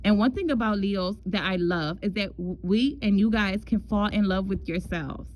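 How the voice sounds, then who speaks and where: A woman's voice: mid-range voice, moderate pace, muffled recording, slight background noise. Chatty woman giving a love reading. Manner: chatty, repeats herself, calls the listener "girl". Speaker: tarot love reader. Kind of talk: casual astrology reading.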